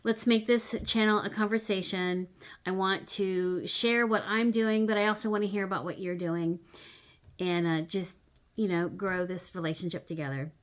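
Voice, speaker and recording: A woman in her fifties talks straight to her viewers in a relaxed vlog. She tells a story in a chatty, animated way, with plenty of "um"s. Her voice jumps up for the exciting parts and settles back down into soft asides. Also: medium pitch, moderate pace. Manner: animated storyteller, swings between loud acted-out moments and soft asides; chatty with frequent "um" fillers. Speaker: needlework channel host.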